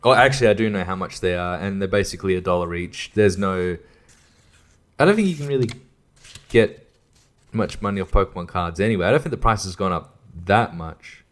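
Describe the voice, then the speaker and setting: A man's voice: deep voice, expressive, a little fast. A man hosting a podcast, rambling casually with profane, exasperated rants. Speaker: podcast host.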